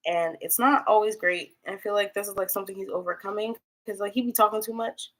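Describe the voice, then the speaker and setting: A woman's voice: medium pitch, steady tone, fast. Young female tarot reader, casual livestream delivery, rambling and filler-heavy. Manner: chatty, rambling, full of "like" fillers.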